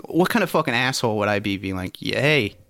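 A man's voice: fairly low pitch, big pitch swings, fast talker, fairly bright tone, no room sound, studio quality. A man co-hosting a podcast, telling a rambling, profane story and laughing often. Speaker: podcast co-host. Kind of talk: casual podcast chat.

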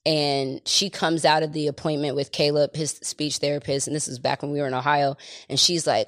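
A woman's voice: deep voice, level tone, brisk, few pauses, no room sound, clean studio sound. A woman co-hosting a podcast, chatting earnestly about faith and telling stories with acted-out quotes. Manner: earnest, storytelling, acts out quotes. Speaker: podcast co-host. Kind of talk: casual faith chat.

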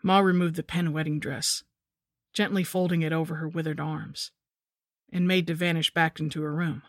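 A woman narrating a scripted horror story in a measured, somber way. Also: deep voice, little pitch movement, dry recording, studio quality.

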